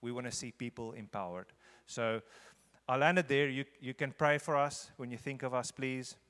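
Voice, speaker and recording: A man's voice: mid-range voice, moderate pace, a bit bright. Man in an echoey church. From South Africa. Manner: earnest, repeats phrases for emphasis. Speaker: visiting guest speaker. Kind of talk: conversational church talk leading into a sermon. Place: large church sanctuary.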